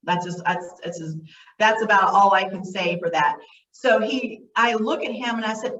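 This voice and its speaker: A woman's voice: mid-range voice, moderate pace, fairly bright tone. A middle-aged woman leads a self-care workshop, folksy and encouraging, talking right to her listeners. Her voice sits back from the mic in a roomy, echoing space, with a dull, muffled tone and a faint hiss underneath. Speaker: workshop presenter. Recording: echoey, distant, dull sound.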